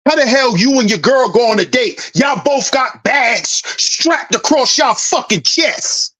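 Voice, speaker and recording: A man's voice: very high-pitched, lively intonation, a little slow, a bit bright. A man hosting a commentary channel, preaching an emphatic rant that repeats lines for effect and swears freely. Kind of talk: ranting social commentary.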